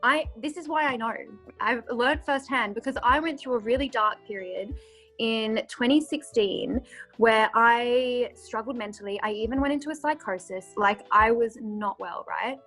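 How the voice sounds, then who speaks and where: A woman's voice: on the high side, normal speed, fairly bright tone, faint music behind. A woman hosting a casual podcast, speaking frankly and reflectively. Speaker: podcast host. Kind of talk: casual chat.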